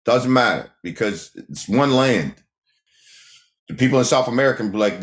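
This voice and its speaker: Emphatic man with a lively, swooping voice. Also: medium pitch, normal speed. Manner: emphatic, repeats phrases, fires rhetorical questions at the chat. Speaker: livestream host. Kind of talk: casual livestream monologue. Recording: echoey room sound.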